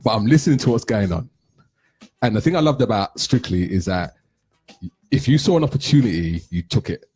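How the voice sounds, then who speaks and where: A middle-aged man hosting a radio chat, telling lively anecdotes and acting out what people said. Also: fairly low pitch, a little fast, husky, faint music behind. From London. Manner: animated anecdote telling, acts out quotes. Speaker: radio show host. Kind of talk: casual storytelling chat.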